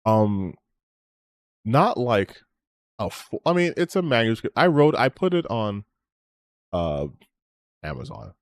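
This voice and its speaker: A man's voice: mid-range voice, very animated, slow pace, gravelly, long pauses, no echo. A man streamer closing out his stream in a rambling, self-promoting chat, swearing freely as he talks. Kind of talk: casual stream sign-off chat.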